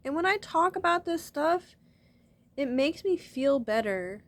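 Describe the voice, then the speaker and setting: A woman's voice: high voice, lively intonation, a little slow. A young woman vlogger talking to her viewers in a heartfelt, earnest way, rambling and restarting her sentences. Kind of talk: emotional personal talk to camera.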